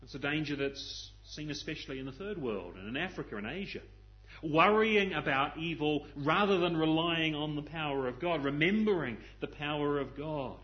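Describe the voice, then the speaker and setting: A man's voice: on the high side, normal speed, dull audio. A man preaching a sermon in an earnest, questioning manner, often repeating phrases as he searches for words. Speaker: pastor.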